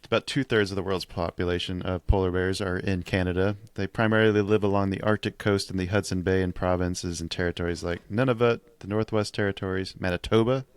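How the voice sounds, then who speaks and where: A man co-hosting a history podcast. His voice is low and close, with a dry, deadened sound. He reads out trivia in a relaxed way and drops in offhand remarks. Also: fast talker, hardly any pauses, clear, resonant tone, no room sound. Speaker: podcast co-host. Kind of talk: casual history chat.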